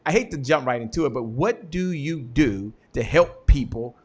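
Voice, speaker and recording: Excitable man hosting, lively pitch. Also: slightly rough. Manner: excitable, casual, quick to cheer the guest on. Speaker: show host. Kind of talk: casual interview chat.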